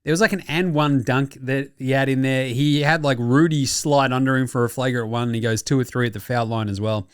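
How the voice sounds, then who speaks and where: An Australian man hosting a casual basketball recap, animated and sweary. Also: medium pitch, brisk, hardly any pauses, clean tone, dry recording, clean studio sound. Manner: animated, sweary, mock-outraged banter. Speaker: podcast host.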